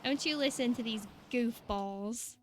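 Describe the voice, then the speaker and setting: A woman's voice: a little high, a little slow, faint music behind. A young woman, chatting casually and rambling to her stream viewers.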